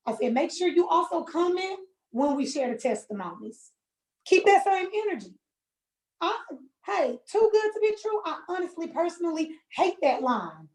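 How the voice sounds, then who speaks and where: A woman leading a casual business training call, talking in an animated, emphatic and plain-spoken way. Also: very high voice, normal speed, reverberant, low-quality recording. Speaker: network marketing trainer.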